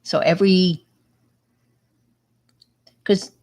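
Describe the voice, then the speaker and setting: Middle-aged new york lady rambling to her stream chat, voice sits a bit low. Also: fairly even intonation, drawn-out words, darkish tone. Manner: chatty, rambling, full of fillers and restarts. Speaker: livestream host. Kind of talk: casual chat with viewers.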